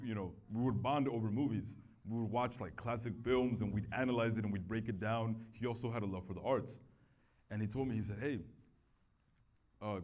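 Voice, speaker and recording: A young man shares his testimony in an easygoing, conversational way. His voice sits at an ordinary middle pitch, and he often breaks into quoted dialogue with plenty of "like" and restarts. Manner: chatty storytelling, acts out quoted speech, many fillers and restarts. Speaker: guest giving testimony. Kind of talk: casual testimony talk.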